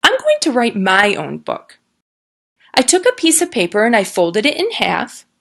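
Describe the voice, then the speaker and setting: A woman who teaches kindergarten, giving a patient recorded lesson and sounding out words slowly for young children. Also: fairly high pitch, wildly swooping pitch, gravelly, fairly bright tone. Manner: slow, patient and sing-song, sounding out words.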